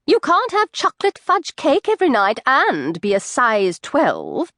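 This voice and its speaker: A stern, domineering mother lectures in cold, clipped sentences, as a woman narrator voices her. The voice swings widely in pitch and sounds close and dry. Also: wildly swooping pitch, unhurried, fairly bright tone, no echo, exaggerated voice. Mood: lecturing.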